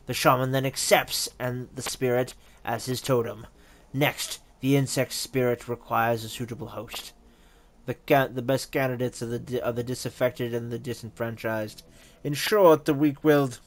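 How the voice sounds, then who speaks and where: A man's voice: mid-range voice, fairly even intonation, slight background noise, lightly acted. A man voicing a sly painted elf. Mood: wry. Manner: measured, wry and explanatory.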